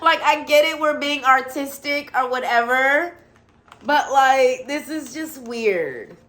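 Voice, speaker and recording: A woman's voice: high voice, takes it slowly, pushed and bright. A woman talking casually to her viewers in an unboxing vlog, sassy and teasing, often laughing and calling them sweetie. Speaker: YouTuber.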